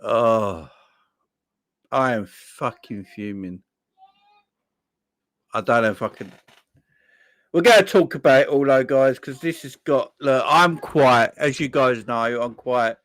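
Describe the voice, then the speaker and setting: A young man hosting a fan live stream, swearing and exasperated, with his voice swinging between loud and quiet. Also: medium pitch, takes it slowly, pauses often, no echo. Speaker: football fan channel host. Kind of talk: casual live-stream rant.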